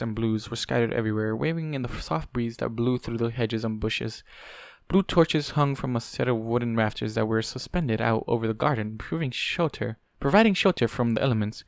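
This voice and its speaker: A man's voice: mid-range voice, gravelly, no echo, clean studio sound. A man casually reading a fanfic aloud, often stumbling and correcting himself as he goes. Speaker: fanfic reader.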